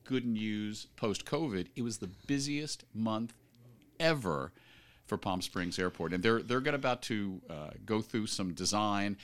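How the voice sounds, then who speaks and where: A man from Virginia with a low voice chats on a radio show. He promotes his PR agency with eager enthusiasm. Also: animated, measured pace. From Virginia, USA. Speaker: radio guest, PR agency owner. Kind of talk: casual radio interview.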